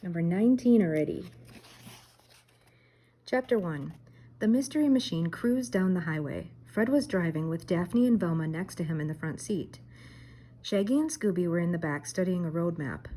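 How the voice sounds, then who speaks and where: An older woman, a teacher and grandmother, reading a children's chapter book aloud in a gentle, unhurried way. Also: on the low side, poor audio.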